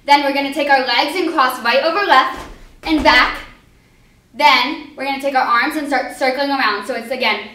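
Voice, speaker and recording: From far off in an echoey hall, a young female dance instructor gives an instructional line dance walkthrough. Her high, bright, forceful voice moves at normal speed as she cheerfully counts out each step.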